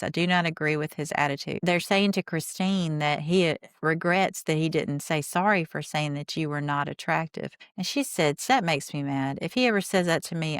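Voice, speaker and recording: An opinionated woman with a low voice and smooth, clear tone talks through a reality show recap. She retells scenes line by line and adds blunt, sarcastic asides. The sound is dry and close, with no room around it. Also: dry recording. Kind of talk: casual recap commentary.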